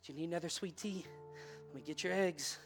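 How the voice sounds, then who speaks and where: A man voicing Mary, a young woman who fusses quickly over someone she is serving. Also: a little high, soft background music, lightly acted. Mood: fussing.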